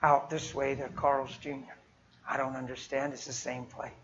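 A man's voice: medium pitch, little pitch movement, moderate pace. A man preaching a sermon in an earnest, folksy, conversational storytelling way. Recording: dull, muffled sound with faint noise.

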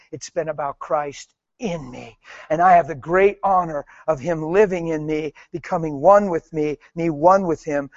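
A man preaching in a testimony style, telling animated stories and switching between soft talk and sudden shouts. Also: on the high side, dry recording, muffled recording. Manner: animated storytelling, laughing, mimicking voices and shouting.

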